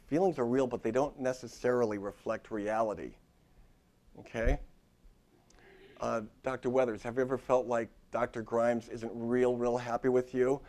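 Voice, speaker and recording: A therapist in his fifties teaches a university class with a voice of ordinary middle pitch. He talks in an informal, conversational way. He repeats phrases and keeps checking in with his students by asking "okay?". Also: a little mellow. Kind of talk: classroom lecture.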